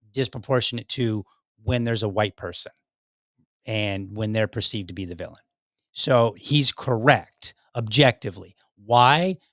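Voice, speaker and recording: A man's voice: medium pitch, fairly bright tone, dry recording, clean studio sound. A man hosting a podcast, giving casual commentary in a rambling way with many fillers and restarts. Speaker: podcast host.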